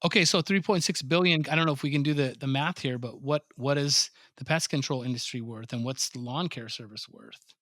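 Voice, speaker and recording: A pond business owner with a medium-pitched voice talks fairly quickly in a studio-quality, echo-free recording. Chatting in a relaxed podcast interview, he spins lively stories, curses freely, and reenacts how surprised he was.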